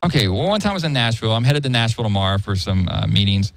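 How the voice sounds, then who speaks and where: A man hosting a podcast in casual chat, telling stories animatedly and slipping into high-pitched impressions. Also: racing, dry recording. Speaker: podcast host.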